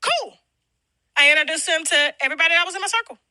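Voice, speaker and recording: Very high-pitched, blunt, brash woman. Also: expressive, fast, pushed and bright, no echo. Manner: blunt, brash and heavily profane, acting out others' lines. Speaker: celebrity gossip blogger and channel host. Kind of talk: casual profane rant to camera.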